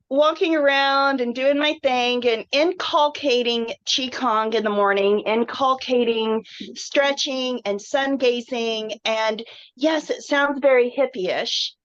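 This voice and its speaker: Woman guest, candid testimonial, slow and rambling, a little high, dry muffled call audio. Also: dry recording. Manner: earnest, emotional, rambling with frequent "like". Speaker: webinar guest sharing a health story.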